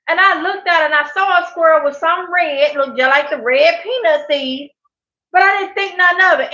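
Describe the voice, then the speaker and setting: A chatty woman talks casually to her live stream viewers, laughing often as she answers comments. Her voice sits high, and the sound is dull and lo-fi in a roomy, echoey space. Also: bright, forceful tone. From Mississippi. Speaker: channel host.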